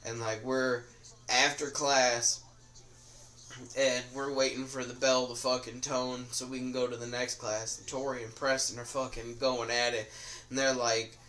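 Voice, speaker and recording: A man's voice: mid-range voice, fairly bright tone. Profane, rambling young man telling stories. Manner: profane, rambling storytelling with frequent fillers. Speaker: podcast co-host. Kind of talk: casual chat.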